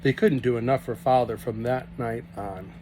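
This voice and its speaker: A man reading a children's novel aloud to his family, animated and often laughing at the story. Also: mid-range voice, moderate pace, slight background noise. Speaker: reader.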